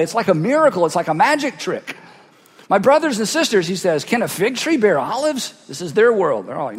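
A pastor delivering a sermon through a cheek-worn headset mic, swinging from loud bursts to hushed asides as he acts out voices. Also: very high voice, long reverb tail. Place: large church hall.

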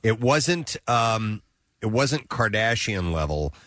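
A man's voice: on the low side, slow pace, no room sound. A man from the Midwest hosting a radio morning show, chatting casually and reading live ads. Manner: relaxed, chatty with hesitations. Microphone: studio microphone.

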